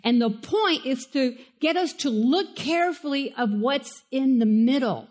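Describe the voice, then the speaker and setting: A woman pastor with a Spanish accent, preaching a sermon in a conversational, animated way and asking the listeners questions. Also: high voice, measured pace, few pauses. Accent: Spanish-accented English.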